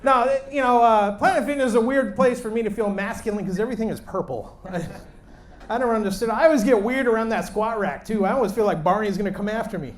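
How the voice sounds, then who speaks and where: Brash high-voiced stand-up comedian, a man. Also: fast. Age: late 30s. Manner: loud, brash, crude, punchy. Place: comedy club stage.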